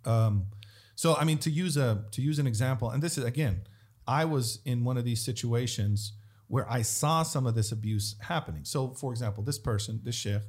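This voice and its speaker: Male guest, husky, animated storyteller, mid pitch. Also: moderate pace. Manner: animated, acts out the people in his stories. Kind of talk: casual storytelling.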